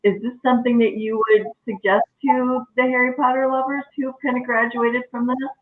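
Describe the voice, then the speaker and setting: A woman's voice: on the high side, level tone, normal speed. Middle-aged woman host on a tinny line. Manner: chatty, asks guests questions. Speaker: librarian host. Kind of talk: casual chat. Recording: tinny phone-like audio in an echoey room.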